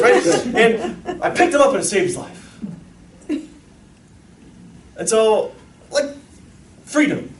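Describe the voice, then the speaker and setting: High, animated man speaking in an echoey room. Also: moderate pace, long pauses, a little hiss or hum. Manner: animated storyteller, acts out voices. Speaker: speaker at a parenting talk. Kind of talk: lively talk to an audience. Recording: echoey room, mic far off.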